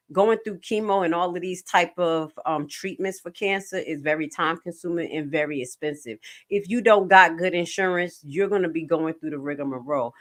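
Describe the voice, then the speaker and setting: Woman streamer, emphatic and jokey, lowish voice. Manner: animated, emphatic, jokey asides. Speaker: livestream host. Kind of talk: casual commentary livestream.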